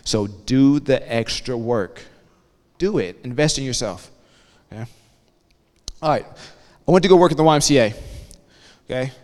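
Male guest speaker, 30s, mid-pitched and energetic, motivational storytelling to students, long hall echo. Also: normal speed, long pauses. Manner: energetic storyteller, checks in with the audience. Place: campus hall.

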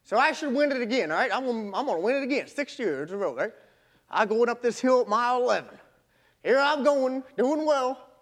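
Brief: young man, very high voice, folksy animated storyteller, casual grammar. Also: brisk. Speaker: marathon runner telling his story. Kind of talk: storytelling talk.

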